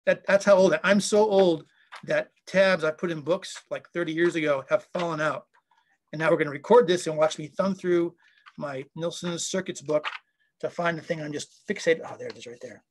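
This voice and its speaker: A man in his fifties, an audio software engineer, chatting casually in an interview and rambling enthusiastically as he interrupts himself. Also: fairly high pitch, moderate pace, slight background noise.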